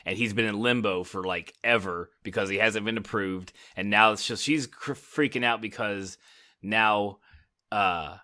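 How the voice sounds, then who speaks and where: An American man co-hosting a podcast, recapping a TV episode in casual chat and acting out characters' lines with animated, laughing energy. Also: on the low side, unhurried. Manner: animated, laughing, quotes characters in raised voices. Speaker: podcast co-host.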